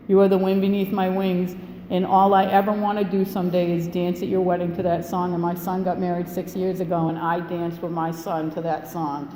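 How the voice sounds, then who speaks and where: A woman's voice: on the low side, warm tone. A woman around sixty tells her recovery story to a live audience, blunt and profane, laughing between lines. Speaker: recovery meeting speaker. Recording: echoey hall with long reverb, faint room hum.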